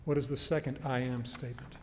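A man's voice: mid-range voice, little pitch movement. Man preaching in a reverberant hall. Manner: earnest, emphatic, slows down to stress key phrases. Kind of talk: sermon. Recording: faint noise and long hall reverb.

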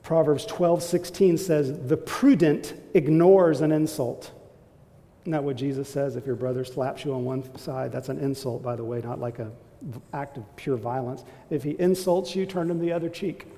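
A man preaching a sermon as pastor, emphatic and exhorting, building to forceful calls to his listeners. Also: mid-range voice, normal speed, big-room sound.

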